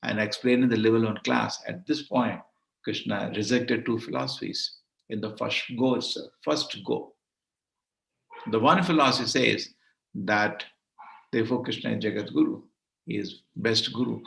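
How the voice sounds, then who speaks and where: Gravelly man teaching scripture. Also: medium pitch, normal speed, fairly bright tone. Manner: emphatic, repeats phrases for stress. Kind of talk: devotional scripture class lecture. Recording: roomy echo.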